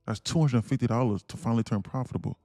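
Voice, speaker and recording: A man's voice: mid-range voice, very fast, a little mellow, no echo, studio quality, faint music behind. A young man hosting a live trading stream, ranting emphatically and laughing between his points. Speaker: day trader streaming live. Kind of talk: livestream rant and trading commentary.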